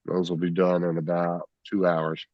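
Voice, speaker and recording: A man in casual chat, explaining a hobby project in a relaxed way. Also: low-pitched, moderate pace, no room sound, muffled recording.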